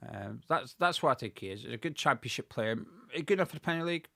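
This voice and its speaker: A man of middle pitch hosts a relaxed fan chat and reads out viewer comments in a steady, measured way. He pauses on the odd hesitant filler. The sound is dry and close, with no room around it. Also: vocal fry, no echo. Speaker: fan channel host reading viewer comments. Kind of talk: casual live watch-along chat.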